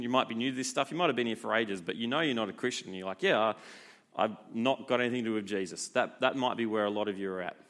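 Guy in his 30s giving a youth sermon, bright voice, funny storytelling, acts out the quotes. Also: medium pitch. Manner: lively self-deprecating storyteller who acts out quotes. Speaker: youth pastor.

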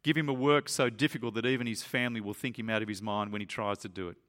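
A man's voice: fairly even intonation, quick pace, fairly bright tone. A man preaching a sermon, earnest and emphatic, who reads a story aloud to his listeners. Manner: earnest and emphatic, climbing higher when stressing points.

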